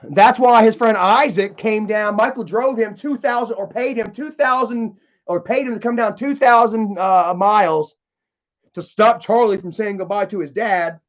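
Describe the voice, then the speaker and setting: A man with a high voice rambles through profane stories on a live stream, laughing at his own tales. The sound is dull and lo-fi. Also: measured pace. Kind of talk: casual storytelling to chat.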